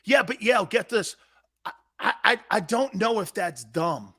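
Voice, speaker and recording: A man with a high-pitched voice hosts a sports talk show in an animated, ranting style. He is loud and mocking, and he slips into angry fan impressions. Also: unhurried, husky.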